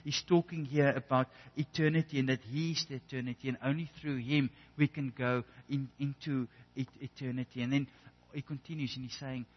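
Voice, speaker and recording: A man's voice: medium pitch, fairly even intonation, fairly quick, hardly any pauses. A man preaching a sermon in an earnest way, often restarting and repeating words as he builds a point. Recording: echoey hall, dull lo-fi sound.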